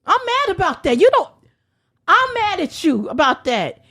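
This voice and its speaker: Brash high-voiced woman ranting. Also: big pitch swings, moderate pace. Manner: loud, brash, profane ranting with laughter. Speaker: podcast guest. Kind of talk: casual chat.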